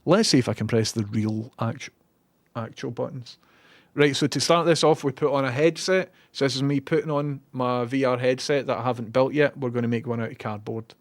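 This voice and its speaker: A man's voice: mid-range voice, a little fast, no room sound. A man chatting casually on his stream, rambling and sweary. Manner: rambling, sweary, self-mocking. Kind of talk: casual chat.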